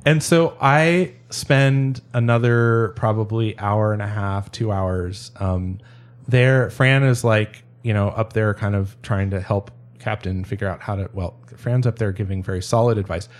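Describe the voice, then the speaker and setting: A storyteller guest with a lowish voice recounts a tale in a casual podcast conversation at a measured pace. He rambles, restarts his sentences, and often breaks into laughter.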